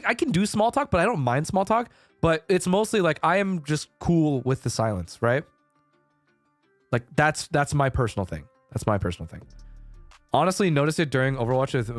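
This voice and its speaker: Laid-back man streamer with a lively voice. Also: a little high, dry recording. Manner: laid-back, swears casually, says "dog". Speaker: VTuber streamer. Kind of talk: casual chat stream.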